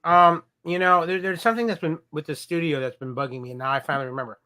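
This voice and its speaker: Bright-voiced man with wry asides. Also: fairly high pitch, fast, dry recording. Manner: wry, joking, deadpan asides. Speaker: podcast guest. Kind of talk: casual group chat.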